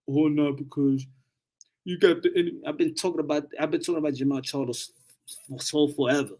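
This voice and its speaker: A man hosting a boxing channel, giving casual live-stream commentary, animated, often repeating words and swearing freely. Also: on the high side, fairly quick.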